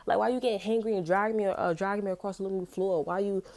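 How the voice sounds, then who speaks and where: A woman's voice: mid-range voice, fairly even intonation, racing, darkish tone. A woman giving a casual tarot reading, telling personal stories in loose slang and laughing often. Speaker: tarot reader.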